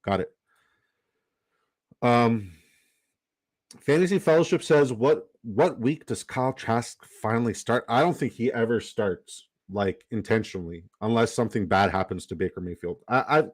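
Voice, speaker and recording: A man's voice: mid-range voice, normal speed. A man giving casual livestream commentary while drafting, reading the chat aloud and swearing casually. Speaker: fantasy football draft streamer.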